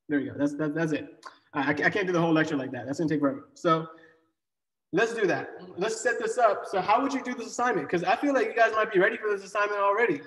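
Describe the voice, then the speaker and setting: A man's voice: high-pitched, quick pace, fairly bright tone. A man teaching a live online coding class in a casual, joking way, with many fillers and restarts. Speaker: coding bootcamp instructor. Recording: echoey room with long reverb.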